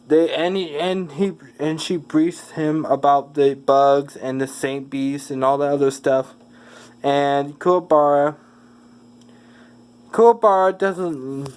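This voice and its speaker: A man's voice: a little high, darkish tone. A man improvising a fan-fiction story aloud, rambling with many restarts and self-corrections.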